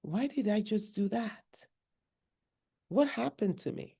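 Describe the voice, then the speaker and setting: A woman's voice: medium pitch, a little fast, darkish tone, natural voice. A woman voicing a young woman cook who gushes about a man, then turns on him in indignation. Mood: bewildered. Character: lovestruck young woman cook, fearful and defensive.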